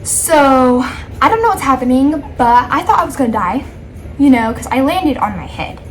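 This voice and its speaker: A woman's voice: high voice, moderate pace, faint music behind. A woman telling a casual storytime while doing her makeup, chatty and rambling, with frequent laughs and asides. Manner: chatty and animated, laughing often. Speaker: storytime vlogger.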